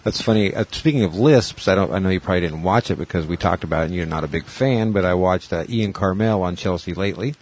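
A man's voice: low-pitched, husky. A man co-hosting a podcast, rambling through stories and laughing easily in casual chat. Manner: rambling storyteller, quick laughs. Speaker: podcast co-host.

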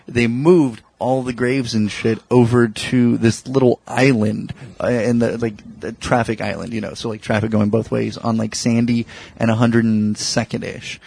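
Gravelly husky comedian from Portland. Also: male voice, medium pitch, steady tone, moderate pace, a little mellow. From Portland, Oregon, US. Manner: rambling, filler-heavy storytelling. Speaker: guest comedian. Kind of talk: casual podcast chat.

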